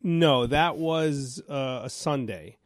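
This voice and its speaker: A man's voice: medium pitch, slow pace, no echo, studio quality. A man co-hosting a podcast in casual chat, recovering from a cold, telling stories with many filler words. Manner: rambling storyteller with filler words. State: getting over a cold. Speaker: podcast co-host.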